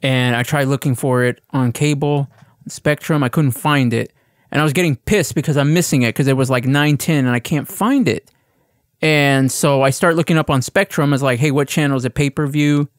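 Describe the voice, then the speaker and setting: A man co-hosting a casual podcast chat, telling a long, animated story full of profanity. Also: medium pitch, normal speed, dry recording, clean studio sound. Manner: animated ranting storyteller, swears freely. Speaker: podcast co-host.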